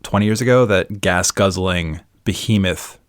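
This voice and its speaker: A man's voice: sits low, moderate pace, no echo, clean studio sound. A man hosting a podcast, talking candidly and bluntly, with a self-deprecating edge. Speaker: podcast host. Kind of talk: casual podcast discussion.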